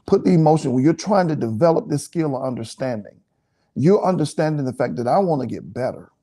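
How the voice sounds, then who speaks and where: Animated, preachy man co-hosting. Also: fairly high pitch, fairly quick. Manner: repetitive, preachy, emphatic. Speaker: pastor and co-host. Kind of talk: relaxed teaching chat.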